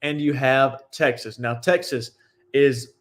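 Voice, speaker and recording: A man's voice: medium pitch, steady tone, slow. A young man hosting a sports talk show, giving casual, opinionated and rambling commentary with frequent restarts.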